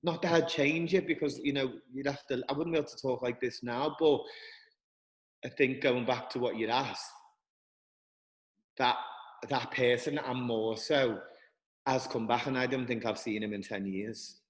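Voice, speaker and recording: A man speaking earnestly and haltingly as a guest, often restarting his sentences. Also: medium pitch, steady tone, in a large hall, low-quality recording. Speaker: guest, dance school director. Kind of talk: reflective interview talk.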